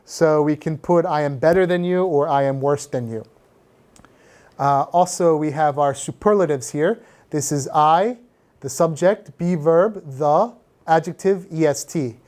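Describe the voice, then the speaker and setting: A man's voice: on the high side, a little slow, a little mellow. A man reviewing English grammar for a class, patiently explaining rules with many fillers and switching into Korean. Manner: frequent filler sounds. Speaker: English teacher.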